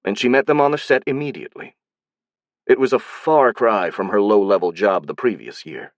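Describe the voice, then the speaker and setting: A man reading an audiobook in a steady, even scripted narration. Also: on the low side, normal speed, no room sound.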